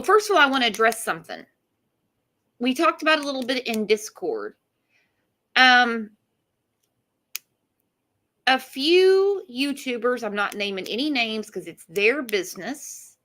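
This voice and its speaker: A woman's voice: on the high side, sharp tone. A woman hosting a casual true crime livestream, blunt and profane, greeting chat viewers by name.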